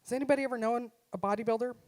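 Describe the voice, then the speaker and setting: Brash mom doing stand-up on stage. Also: female voice, a little high, steady tone, racing, a little mellow. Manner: punchy, self-deprecating, acts out her son's voice. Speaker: stand-up comedian. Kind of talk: stand-up comedy set. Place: live on stage in a theater.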